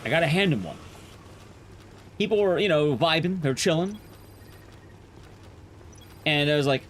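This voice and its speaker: A man with a fairly high, lively voice tells a loose, foul-mouthed story while he plays through a speedrun. His delivery wanders from tangent to tangent in easy stream chatter. Steady noise runs behind him. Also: normal speed, long pauses. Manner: swears freely, rambling anecdotes.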